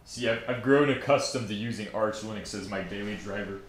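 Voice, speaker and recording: A man's voice: on the low side, brisk, a little hiss or hum. A man casually chatting on a live stream, joking around and reading viewer comments aloud while he builds a server. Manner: joking, rambling, reads chat aloud.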